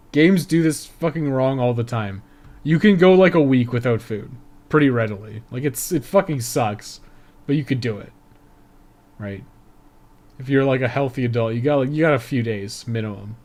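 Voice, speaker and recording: A man's voice: mid-range voice, expressive, moderate pace, a little mellow. A man giving live commentary over a video game, sarcastic and swearing freely as he mocks it. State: sweaty and worn out. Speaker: livestreamer.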